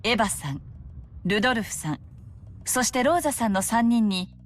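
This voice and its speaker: A woman's voice: a little high, animated, racing, faint music behind, lightly acted. An actress voicing a scheming middle-aged woman in a visual novel, speaking in a sickeningly kind, cutting way. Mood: sweetly cutting. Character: scheming middle-aged woman, sharp-tongued elder sister. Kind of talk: voiced visual novel dialogue.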